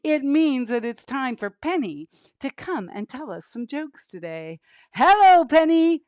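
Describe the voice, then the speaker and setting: A high-voiced woman hosting a children's show, cheering on young viewers with an encouraging tone. She talks slowly and clearly, and the sound is close and dry. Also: sing-song, no echo. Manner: warm, encouraging, upbeat with kids. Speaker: children's entertainer host.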